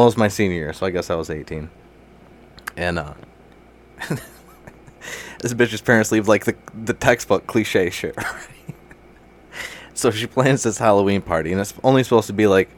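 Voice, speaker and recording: A young man telling a wild story in casual chat, laughing often, swearing freely and calling everyone dude. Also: low voice. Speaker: guest.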